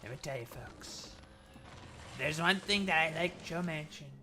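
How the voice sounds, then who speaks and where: A man's voice: on the high side, lively intonation, a little slow, faint music behind, pitched above the performer's own voice. A man putting on a comic impression of a boastful older male politician, full of repeated superlatives and exaggerated bragging. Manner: exaggerated bragging, repeats catchphrases, swings loud and soft.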